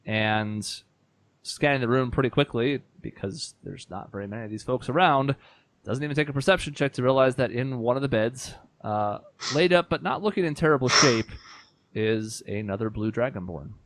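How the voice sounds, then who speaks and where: A man running a tabletop role-playing game as game master. He narrates the scene casually and loosely, his voice at a plain middle pitch. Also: moderate pace, slight background noise.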